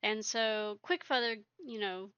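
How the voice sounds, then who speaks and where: A woman's voice: medium pitch, a little slow, pushed and bright, clean tone, no room sound, lo-fi sound. Rambling woman narrating a game story. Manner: rambling, filler-heavy. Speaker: video creator.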